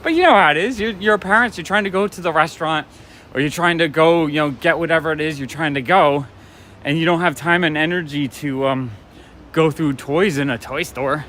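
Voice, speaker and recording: Strolling outdoors through the city, a man who vlogs and runs a toy shop tells meandering, chatty stories punctuated by laughter. He speaks briskly in a slightly high, fairly bright voice, with a little background noise in this casual vlog.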